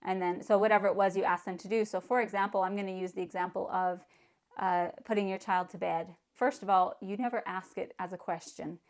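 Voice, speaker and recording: A woman's voice: mid-range voice, steady tone, a little fast. A middle-aged woman giving parenting advice in a casual, earnest talk, repeating words and leaning on "you know". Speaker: parenting vlogger.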